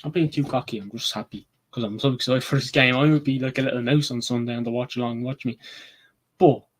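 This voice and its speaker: A man hosting a casual football preview, rambling and excitable, with casual swearing. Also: medium pitch, fast. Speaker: football channel host. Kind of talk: casual match preview chat.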